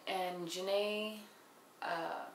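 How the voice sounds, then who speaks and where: Young woman, low-ish voice, sarcastic profane recapper, echoey room, faint noise behind. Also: fairly even intonation, very slow. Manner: profane, blunt, sarcastic, mimics people she quotes. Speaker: reality TV recapper. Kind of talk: casual episode recap. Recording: roomy with faint background noise.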